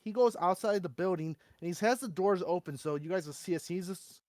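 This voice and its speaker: A man's voice: high-pitched, fairly quick, a little mellow, dry recording, clean studio sound. A man joining a tabletop role-play game as a player, talking animatedly about his character.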